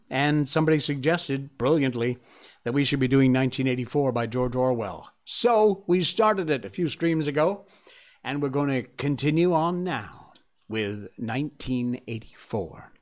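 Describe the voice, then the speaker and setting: A man hosting a casual show, chatting with animated asides, then reading a novel aloud in a quieter, measured voice. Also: mid-range voice.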